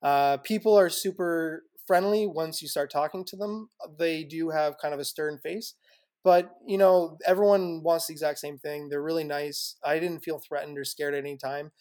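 A man's voice: on the high side, steady tone, moderate pace, a little mellow, dry recording, studio quality. A man telling travel stories as a guest on a podcast, chatty and loose, laughing often, with lots of fillers and restarts. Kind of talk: casual interview chat.

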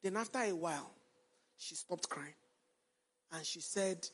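A man with a high voice preaching to a church congregation. He leads call-and-response lines, leaving gaps for the crowd to fill in. His delivery swings from loud emphatic lines to quiet, close storytelling. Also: unhurried, breathy edge. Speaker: pastor. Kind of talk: sermon. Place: church before a congregation, also streamed online.

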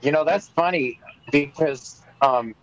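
A man's voice: on the high side, unhurried, poor audio. A man in casual chat, mostly giving short agreeable replies.

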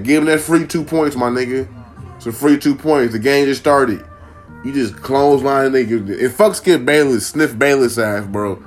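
A man from Minnesota hosts a solo podcast from home, loose, profane and joking as he rambles. His voice sits at an ordinary middle pitch. Faint music runs behind him. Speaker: podcast host. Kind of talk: casual solo podcast monologue.

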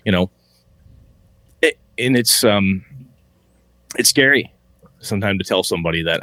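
A man's voice: low-pitched, a little slow, long pauses, fairly bright tone, dry recording. A man hosting a casual podcast about tabletop gaming, talking candidly, swearing freely and laughing often. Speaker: podcast host.

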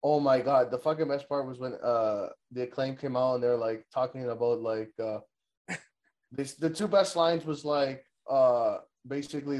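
A man's voice: medium pitch, steady tone, moderate pace, a little mellow. A young man co-hosting a casual wrestling recap chat, rambling and swearing, laughing often and mimicking wrestlers. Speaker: podcast co-host.

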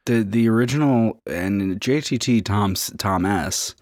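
A man co-hosting a podcast in casual chat, rambling and halting with lots of fillers. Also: on the low side, darkish tone, dry recording, clean studio sound. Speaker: podcast co-host.

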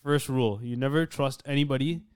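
A man's voice: mid-range voice, a little fast, darkish tone, clean tone. A young man co-hosting a podcast, teasing and rambling in loose banter, just over being sick. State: recovering from illness. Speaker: podcast co-host. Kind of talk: casual chat.

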